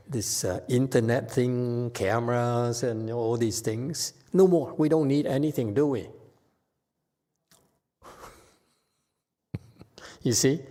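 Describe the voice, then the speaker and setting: Unhurried male meditation teacher in a reverberant hall, checking in with listeners as he talks. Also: on the low side, a little mellow. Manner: unhurried, with frequent "okay?" checks. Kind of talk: dharma talk answering questions.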